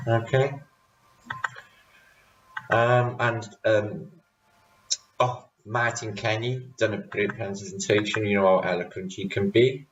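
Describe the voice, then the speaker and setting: A man's voice: fairly low pitch, a little hiss or hum. A Welsh man from Wales hosting his channel, chatting casually and rambling with frequent laughs. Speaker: channel host. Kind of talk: casual vlog recap. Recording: roomy, distant, dull sound.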